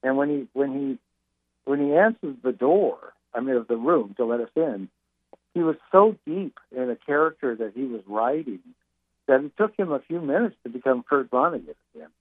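A man's voice: mid-range voice, expressive, normal speed, dry recording. Older man, interview guest by phone, loose talker full of "you know", tinny dry line. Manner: rambling, many fillers and restarts. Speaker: musician guest.

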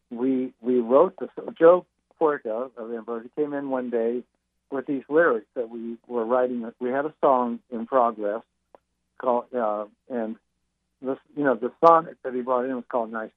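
A man's voice: medium pitch, dry recording. Older man, interview guest by phone, loose talker full of "you know", tinny dry line. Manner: rambling, many fillers and restarts. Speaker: musician guest.

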